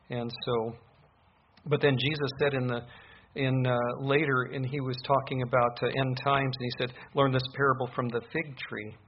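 A man, a pastor, giving a verse-by-verse sermon, reading scripture slowly and then explaining it with rising emphasis. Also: mid-range voice, muffled recording, a little hiss or hum.

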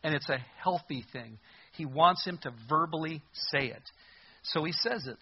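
A man preaching a Bible sermon, building to loud, emphatic outbursts and acting out the voices in the story. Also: fairly high pitch, moderate pace, slightly rough, muffled recording. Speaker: pastor.

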